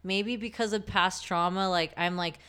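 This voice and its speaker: A woman's voice: mid-range voice, moderate pace, smooth. A woman in candid podcast chat, telling stories animatedly and acting out what others said, with many fillers. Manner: animated storytelling, acts out quoted voices, many likes. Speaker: guest.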